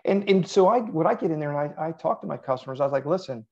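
A middle-aged man talking casually as a podcast guest, telling animated stories and quoting himself. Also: on the high side, fast, creaky, lo-fi sound. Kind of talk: casual interview chat.

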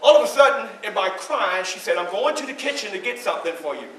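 A grave, earnest formerly enslaved man, played by a male reenactor tells his story in a theatrical first-person monologue. He leans on emphatic repetition, and his voice is high and bright. It was recorded by a distant camera in a very echoey room with a faint background hum. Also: expressive, fast talker. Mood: solemn. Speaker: historical reenactor. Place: library event room.

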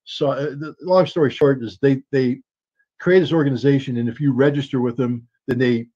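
A man's voice: mid-range voice, steady tone, moderate pace, mellow, husky. A man telling a story as an interview guest, rambling with many fillers and restarts and acting out the voices of people he quotes. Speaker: interview guest, former weapons inspector. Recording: dull lo-fi sound.

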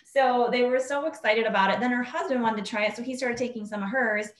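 A woman telling a story casually to a group, acting out what people said in a higher voice. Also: quick pace, echoey room, poor audio. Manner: chatty, acts out quoted speech in a higher voice. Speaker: team member sharing a story.

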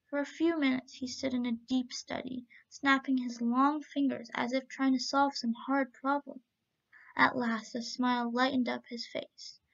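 A woman narrating a storybook tale at a steady pace, with occasional slips. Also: sits high, measured pace, creaky. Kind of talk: storybook reading. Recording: dull lo-fi recording.

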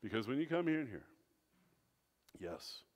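Man, pastor, dramatic sermon, swings from loud to hushed, middle pitch, reverberant sanctuary. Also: very animated, measured pace. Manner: dramatic preaching with wide swings in loudness and pitch. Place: church sanctuary. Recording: long church reverb.

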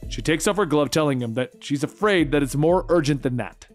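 Male narrator for a comic story recap, fairly high voice, animated delivery, faint music under it. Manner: lively, quick storytelling recap.

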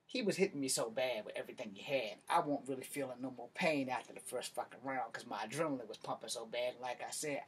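A man's voice: medium pitch, a bit bright, slightly rough. A man, a martial artist telling a story from his youth in a blunt, profane, boastful way. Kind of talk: casual storytelling monologue.

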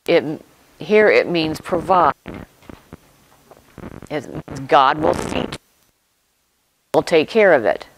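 A pastor preaching a sermon, retelling a scripture story in slow, deliberate short phrases with pauses and reflecting aloud. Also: mid-range voice, expressive, slight background noise, rough recording.

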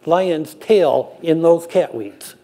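An older man quoting a reassuring woman runner who guides a friend, speaking gently and instructively. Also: fairly high pitch, takes it slowly, voice pushed up.

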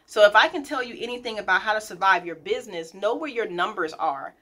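Emphatic, bright-voiced woman business owner. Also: mid-range voice, fast. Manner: emphatic, direct, repeats key points; informal and lively, addresses viewers as y'all. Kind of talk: casual motivational vlog talk.

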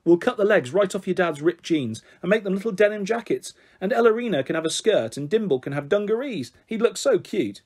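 A courteous young schoolgirl speaks earnestly and politely in a storybook, as a man puts her on. Her voice sits softly raised and careful. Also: high voice, animated, a little fast, hardly any pauses, slightly rough, voice pushed up.

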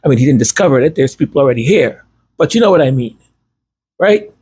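A man's voice: mid-range voice, animated, fast, darkish tone, husky. A man whose first language is Spanish, hosting a casual, rambling commentary monologue with self-deprecating asides. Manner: chatty, digressive, self-deprecating. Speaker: commentary channel host.

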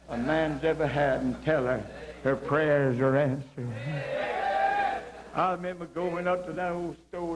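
On a humming 1980s video recording with a noisy background, a male evangelist from South Georgia tells his testimony in a sermon. His storytelling is impassioned, and his voice swings high when he emphasizes a point.

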